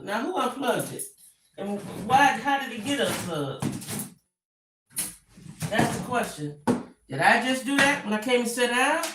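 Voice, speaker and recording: A woman's voice: medium pitch, recorded from a distance, noisy background. A middle-aged woman, chatting casually and exasperated to her live stream viewers from home. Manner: exasperated, talks to viewers directly. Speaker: vlogger. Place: home room. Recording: roomy, away from the mic.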